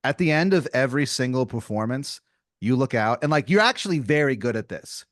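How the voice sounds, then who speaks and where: Brief: male podcast host, middle pitch, loose rambling delivery, dry close mic. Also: lively intonation, fairly quick, dry recording. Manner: rambling, hesitant setup full of restarts. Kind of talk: improvised comedy podcast.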